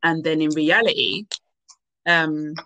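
A woman's voice: low voice, slow, sharp tone, slight background noise, rough recording. A woman hosting a casual podcast chat, acting out quoted lines as she talks. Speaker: podcast host.

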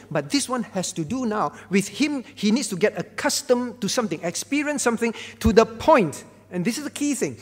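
High-voiced pastor preaching in a hall. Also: male voice. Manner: emphatic, repeats key words, rhetorical questions. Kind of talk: sermon.

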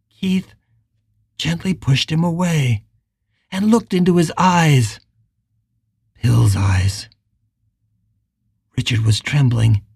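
A woman narrating an audiobook in a measured, emotive way, read close to the mic. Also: sits low, darkish tone, breathy edge, no echo.

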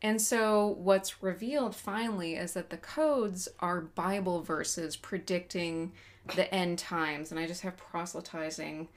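A woman's voice: on the low side, unhurried. Sarcastic woman recapping a movie. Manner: sarcastic, recaps the plot with acted-out quotes. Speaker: podcast co-host reviewing a movie. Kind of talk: casual chat.

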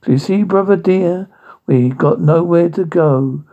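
Brief: man doing dim-witted storybook pigs, whiny, higher, husky. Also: a little slow, dark tone, highs cut off. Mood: dopey. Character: dim-witted lazy male pig brothers.

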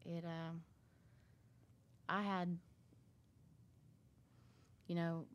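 Halting woman telling her story. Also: lowish voice, level tone, clean tone, lo-fi sound. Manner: halting, many fillers and restarts. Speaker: interview guest sharing a recovery story. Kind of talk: casual storytelling.

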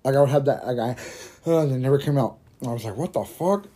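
Rambling, swearing stoner man, mellow voice. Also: mid-range voice, steady tone, fast. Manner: rambling, heavy swearing, laughs at own jokes. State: high while smoking. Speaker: podcast host. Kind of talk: casual storytelling monologue.

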